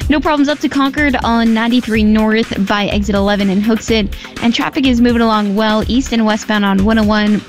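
Brisk female traffic reporter. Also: mid-range voice. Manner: brisk, even, informative. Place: radio studio.

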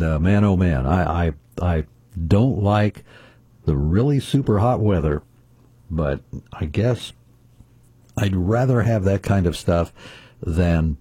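A man's voice: deep voice, dark tone, slightly rough, no echo. A man hosting a morning radio program, chatting in a rambling, folksy way. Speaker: radio host. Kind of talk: casual morning radio chat.

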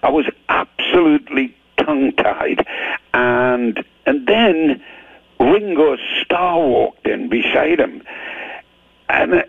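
Gravelly Geordie man on a phone line. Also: a little high, takes it slowly, no room sound. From Newcastle, England. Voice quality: gravelly, husky. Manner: animated, rambling anecdotes with stammers and self-deprecating laughs. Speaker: guest rock singer. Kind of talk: casual interview storytelling.

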